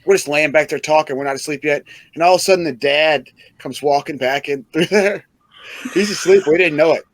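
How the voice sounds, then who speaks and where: A higher-pitched man from Missouri spins crude, profane childhood stories in a loose podcast chat, often laughing as he goes. The recording is dry and close, with no room to it. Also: brisk, no room sound. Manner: laughing, profane, animated storytelling. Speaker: podcast co-host. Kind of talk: casual storytelling chat.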